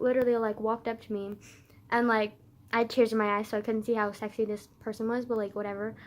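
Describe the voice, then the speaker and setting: A woman's voice: a little high, fairly bright tone. A young woman telling a personal story in a casual vlog, rambling with constant "like" and casual swearing.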